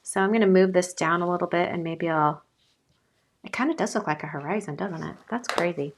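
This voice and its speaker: This crafting host speaks briskly in a lowish voice while leading a live demo. Despite a case of the hiccups, she keeps up cheerful chatter describing each step her hands take.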